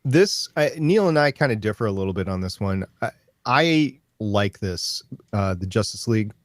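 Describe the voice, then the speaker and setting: Male podcast host, lowish voice, dry sound, rambling and enthusiastic. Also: lively intonation, moderate pace, no room sound. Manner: rambling, stop-start, enthusiastic. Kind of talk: casual podcast chat about comics.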